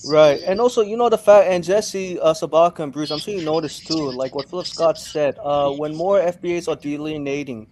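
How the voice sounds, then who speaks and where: A man's voice: on the high side, brisk, few pauses, a little mellow. A man hosting a casual panel discussion, moderating and sometimes tripping over his words.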